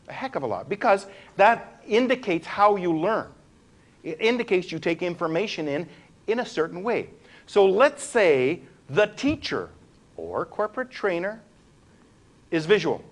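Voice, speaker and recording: A man presenting a workshop to a room of people, animated and demonstrative, swinging his pitch and pace to show different ways of talking. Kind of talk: live workshop talk to a room. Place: room with a live audience.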